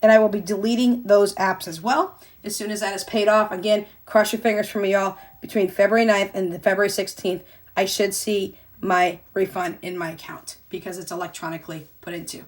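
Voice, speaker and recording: An older woman speaking in a mid-range voice, chatting to her viewers about her monthly budget. She talks in a loose, friendly way, keeps calling them "y'all", and gets excited as she retells things. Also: mid-range voice, brisk. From Missouri. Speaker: budgeting vlogger. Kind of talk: casual chat to viewers.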